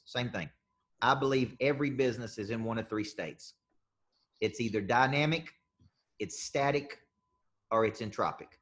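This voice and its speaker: A man's voice: medium pitch, a bit bright. A man coaching a group of salespeople live. He drives his points home with punchy, emphatic statements and circles back to repeat his phrases. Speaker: business coach.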